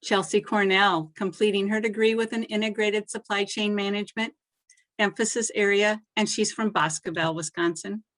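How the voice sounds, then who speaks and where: A woman presenting graduates at a ceremony, reading each name in a measured way that lifts on the name and drops at the end. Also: medium pitch, fairly even intonation, a bit bright.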